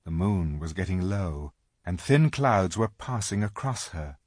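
A man narrating a children's storybook aloud, slow and dramatic in his reading. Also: deep voice, lively intonation, a little mellow, husky, dry recording, studio quality. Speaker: audiobook reader.

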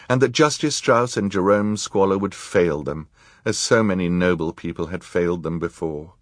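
A male audiobook narrator with a low, husky voice and very lively pitch. He reads in an expressive, measured way. The sound is dry and close. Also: no room sound. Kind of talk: scripted narration.

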